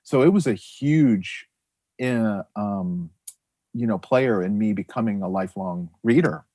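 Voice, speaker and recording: Middle-aged man, podcast guest, animated rambling storyteller, dry close recording. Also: on the low side, measured pace, no room sound. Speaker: guest author and illustrator. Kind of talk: casual podcast chat.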